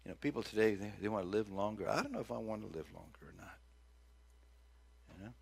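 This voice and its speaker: A middle-aged man preaching a sermon as pastor, folksy and joking, with big loud swings when he acts out cries. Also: fairly low pitch, expressive, fast, gravelly, breathy edge.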